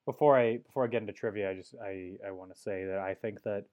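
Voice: sits low, quick pace, lo-fi sound. A podcast co-host in casual chat, sharing trivia in a matter-of-fact way.

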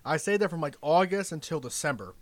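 A man's voice: a little high, lively intonation, no echo. A man from Florida on a podcast, telling stories in casual chat and laughing often. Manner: fast, laughing storyteller. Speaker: podcast guest.

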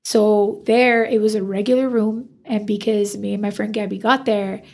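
A woman hairstylist tells a story during a casual interview, animatedly acting out the quoted dialogue. She speaks at a normal speed with a medium-pitched voice.

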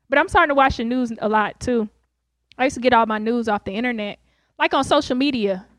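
A woman's voice: high voice, brisk, fairly bright tone, no room sound. A woman in her thirties doing wry, chatty stand-up storytelling. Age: 30s. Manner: wry, chatty, laughs between lines.

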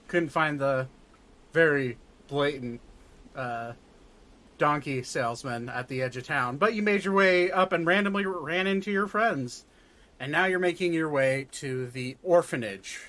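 A man narrating a tabletop role-playing game as game master, in a slow, meandering way full of ums and uhs. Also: a little high, a bit bright. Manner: slow and meandering, with many fillers.

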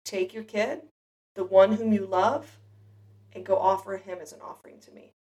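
A woman voicing God as a male figure issuing a command in a grave, measured way. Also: medium pitch, steady tone, dark tone, recorded from a distance, close to an everyday voice.

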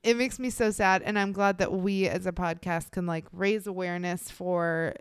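Animated woman podcast co-host. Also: fairly low pitch, normal speed, clean tone, no room sound, clean studio sound. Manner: animated, expressive, emphatic. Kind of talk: casual podcast chat.

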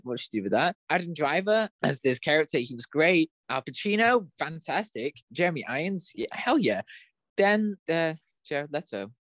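An excitable young man co-hosting a film podcast, his pitch swinging up and down as he reacts. The recording is dry and close, with no room sound. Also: no room sound. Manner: excitable, animated, dramatic reactions. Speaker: podcast co-host. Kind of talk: casual chat.

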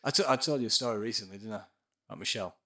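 A man's voice: lowish voice, very fast, a bit bright. A man, a guest musician telling a ghost story in casual podcast chat, swearing and laughing often.

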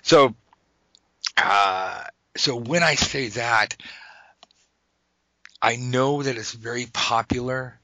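A man's voice: mid-range voice, slow, long pauses, pushed and bright, dry recording, poor audio. A man hosting a casual podcast conversation, rambling and joking, often stopping to restart his thoughts. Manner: rambling, self-interrupting, jokey. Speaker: podcast host.

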